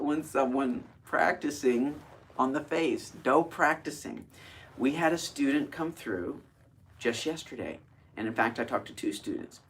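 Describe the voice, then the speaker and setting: A man's voice: medium pitch, a bit bright, a little hiss or hum. A man in his forties, a cosmetic surgeon, earnestly explaining to camera with emphatic rhetorical questions.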